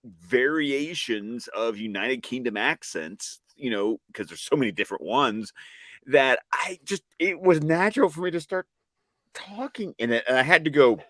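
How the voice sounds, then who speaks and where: Animated man from the American South. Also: mid-range voice, normal speed, no echo, studio quality. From Southern United States. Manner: animated storyteller, theatrical. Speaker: guest co-host. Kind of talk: casual film chat.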